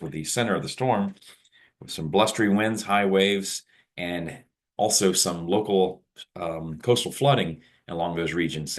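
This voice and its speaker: A man with a very low voice runs through a casual weather forecast. His talk is loose and conversational, and he thinks aloud as he moves between maps.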